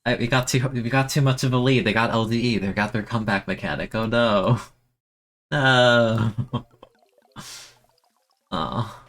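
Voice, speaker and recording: A young man streaming a video game, chatting excitably and self-mockingly, often stammering and repeating words. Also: on the low side, fairly quick. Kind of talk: casual gameplay commentary.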